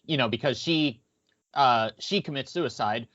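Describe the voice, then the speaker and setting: A man's voice: medium pitch, measured pace, a bit bright, dry recording. A man co-hosting a podcast, chatting casually about a film and rambling with restarts as he plays it by ear. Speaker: podcast co-host. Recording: dull lo-fi dry sound.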